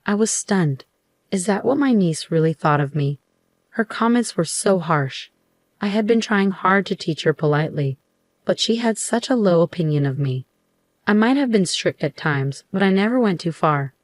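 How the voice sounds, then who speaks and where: A middle-aged woman telling a first-person story in a steady, measured way. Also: lowish voice, no echo. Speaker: narrator.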